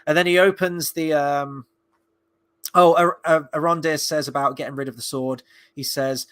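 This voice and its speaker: A man's voice: a little high, fairly even intonation, normal speed, fairly bright tone. A man giving a casual spoken review of a TV episode, rambling and sarcastic, with frequent fillers and restarts. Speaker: film and TV reviewer.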